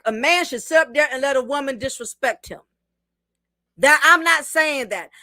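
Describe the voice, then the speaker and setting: A woman with a high, bright voice delivers emphatic, preachy commentary and speaks straight to her viewers. The recording is close and dry, with no room sound. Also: no echo. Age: adult, married. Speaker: livestream host.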